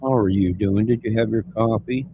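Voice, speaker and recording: A man's voice: fairly low pitch, normal speed, narrow, tinny audio, a little hiss or hum. A man co-hosting a livestream, chatting casually and rambling while he repeats himself. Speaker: livestream co-host.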